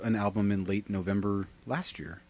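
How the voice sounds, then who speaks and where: A man with a fairly low voice co-hosting a podcast and dropping crude, deadpan jokes. The sound is close and dry, with no room sound. His tone stays casual and irreverent. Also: normal speed, dry recording. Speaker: podcast co-host. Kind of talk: casual chat.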